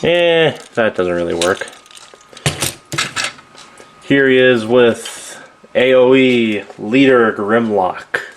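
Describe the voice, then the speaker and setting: A man's voice: mid-range voice, expressive, takes it slowly, pauses often, slight background noise. A man giving a casual, rambling toy review, often correcting himself mid-sentence. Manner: rambling, self-correcting, offhand.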